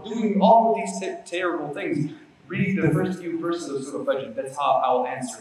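A man preaching a sermon, animated and emphatic, talking casually to the crowd and chanting scripture quickly. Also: fairly high pitch. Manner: animated, rising to loud emphatic peaks, reciting scripture in rapid chant; casual slangy address to the crowd. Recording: echoey hall, mic far off.

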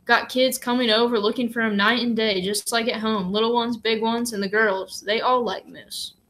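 A woman's voice: on the high side, steady tone, normal speed, a bit bright, close to an everyday voice, rough recording. A woman voicing a worried mother with a tense, pleading delivery in a storybook reading. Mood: anxious. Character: worried mother, sharp and anxious.

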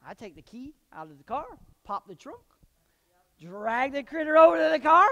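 A male pastor preaching a sermon in a church, telling personal stories and swinging into loud emphatic bursts. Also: very high-pitched, animated, a little slow. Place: church sanctuary. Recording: long hall reverb.

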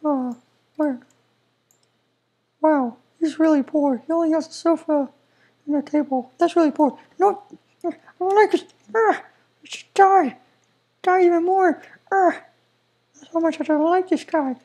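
A woman's voice: high-pitched, unhurried, long pauses, dark tone. A woman voicing a small, bratty male cartoon ink demon who rambles and threatens in a goofy game machinima. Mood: rambling.

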